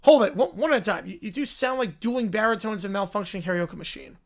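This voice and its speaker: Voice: mid-range voice, animated, quick pace, vocal fry, voice pushed down. A reader doing a weary, blunt judge. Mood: exasperated. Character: exasperated adult judge.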